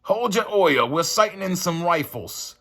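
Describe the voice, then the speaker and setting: A man's voice: high voice, lively intonation, unhurried, a bit bright, voice pushed up, exaggerated voice. A man doing a rowdy put-on Australian thug.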